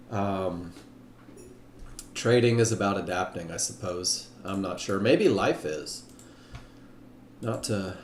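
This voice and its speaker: Male instructor, upbeat and chatty, mid-pitched, on a live class in a roomy space. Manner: upbeat, chatty, greets viewers by name. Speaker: trading instructor. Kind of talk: live webinar teaching. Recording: roomy echo.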